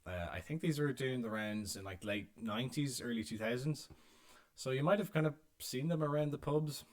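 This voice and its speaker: A man's voice: mid-range voice, normal speed. Chatty man hosting a pub quiz. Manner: chatty, joking, confirming audience answers. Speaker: host and pub guide. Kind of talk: casual live virtual pub tour and quiz. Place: inside a pub.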